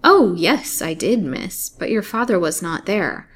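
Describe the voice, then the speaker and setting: A woman's voice: medium pitch, very animated, unhurried, breathy edge. A woman voicing a treacherous old woman servant who lies glibly and soothes falsely, in a storybook reading. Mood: coaxing.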